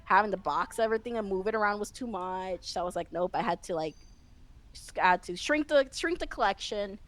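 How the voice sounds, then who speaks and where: A woman chatting as an interview guest, excitable and rambling, with frequent laughs and restarts. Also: medium pitch, brisk, poor audio. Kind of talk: casual chat.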